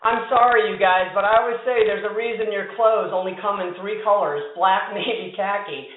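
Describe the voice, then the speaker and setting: A woman's voice: mid-range voice, normal speed. A woman giving a conversational keynote talk to a conference audience, telling a story with emphatic asides. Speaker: conference speaker. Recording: tinny, echoey hall sound.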